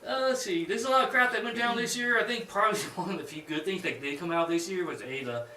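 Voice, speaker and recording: A man's voice: high-pitched, fast talker, bright, forceful tone. A man hosting a casual panel chat, laughing often and joking loosely. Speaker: podcast host. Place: bathroom. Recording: echoey bathroom from far off, faint noise.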